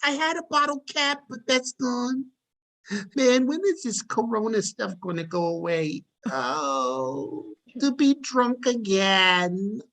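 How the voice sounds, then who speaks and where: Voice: medium pitch, animated, takes it slowly, a bit bright. A performer doing a whiny talking drink. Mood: self-pitying. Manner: whiny, self-pitying. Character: sad talking drink turned chef.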